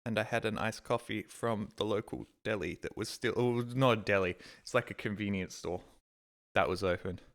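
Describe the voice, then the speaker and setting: A man streaming a game, telling rambling everyday stories and acting out his own exasperated reactions in a sudden higher voice. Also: steady tone, moderate pace, fairly bright tone. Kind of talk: casual stream chat, storytelling.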